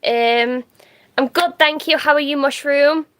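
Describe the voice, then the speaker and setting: Woman livestreamer, high voice, chatty, swears offhand, reads viewer comments aloud. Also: steady tone, a little slow. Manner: chatty, laughs easily, swears casually. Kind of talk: casual live-stream chat reading comments.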